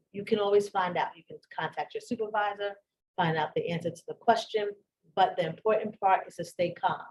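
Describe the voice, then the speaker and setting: Lady trainer talking staff through the basics, plain and steady, bit of faint hiss behind. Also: medium pitch, rough recording. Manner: plain, instructive, repeats key points. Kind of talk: workplace training talk.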